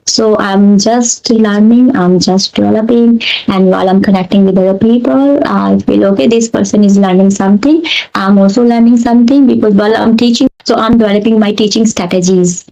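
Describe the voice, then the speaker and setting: A woman's voice: medium pitch, fairly quick, creaky, few pauses, mellow, rough recording. A woman with an Indian accent, an English teacher, talking earnestly in a casual conversation and explaining with repeated examples.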